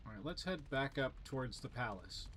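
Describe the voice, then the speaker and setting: At normal speed and in a mid-range voice, a man streams his gameplay live, chatting easily with viewers and reading their chat messages out loud. A little hiss or hum sits in the recording.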